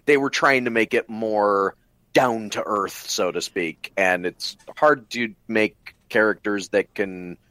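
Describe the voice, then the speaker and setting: A man's voice: lowish voice, slow pace, bright, forceful tone, no echo. A man hosting a podcast, explaining at length in casual chat and cutting in on others. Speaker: podcast host.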